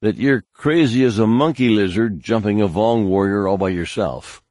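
A man's voice: on the low side, normal speed, a little mellow, no room sound, clean studio sound, natural voice. A man reading a cheeky eager boy.

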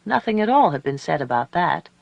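A man narrating a story aloud in a calm, measured, reflective way. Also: fairly high pitch, vocal fry, dry recording, dull audio. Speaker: audiobook narrator. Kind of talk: scripted narration.

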